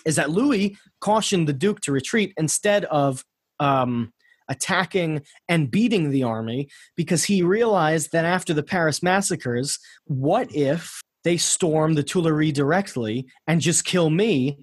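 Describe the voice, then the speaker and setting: An American man talks through history in a loose, rambling podcast chat, doubling back over his words as he goes. His voice is a touch high and husky. The sound is dry and close, with no room behind it. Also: animated, unhurried, dry recording. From United States. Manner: rambling storyteller, frequent restarts.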